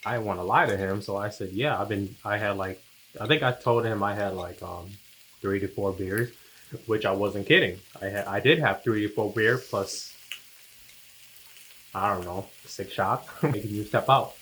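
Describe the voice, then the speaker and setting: A man's voice: lowish voice, moderate pace, fairly bright tone, a little hiss or hum, poor audio. A man casually telling a personal story as co-host of a couple's chat, laid back and slangy, acting out what he and others said.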